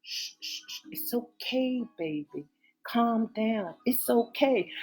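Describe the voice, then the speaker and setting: A woman reading a romance audiobook, voicing an adult woman lover who coaxes softly and snaps when crossed. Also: on the high side, very slow, faint music behind. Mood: soothing. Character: adult woman lover, soothing then sharp-tongued.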